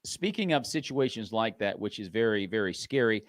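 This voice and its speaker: A man hosting an interview, enthusiastic and quick to agree with his guest. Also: lowish voice, lively intonation, very noisy. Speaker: talk show host. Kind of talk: casual interview chat.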